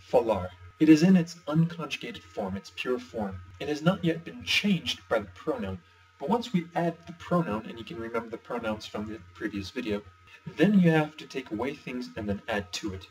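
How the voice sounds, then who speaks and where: A man's voice: medium pitch, darkish tone, far from the mic, rough recording. A man explaining language grammar step by step in a patient, slightly playful teaching voice. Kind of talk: screen-recorded lesson.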